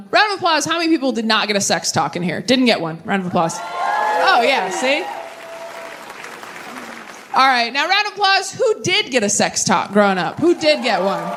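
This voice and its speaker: A young woman doing live stand-up and crowd work, brash and profane, with quick tangents. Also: medium pitch, slight background noise. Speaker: stand-up comedian. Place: comedy stage before a live audience.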